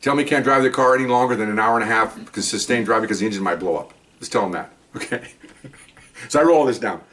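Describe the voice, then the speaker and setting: A man's voice: lowish voice, fast talker, a bit bright, recorded from a distance. A man, older, telling stories from his police days in a casual monologue, acting out other people's lines and often laughing.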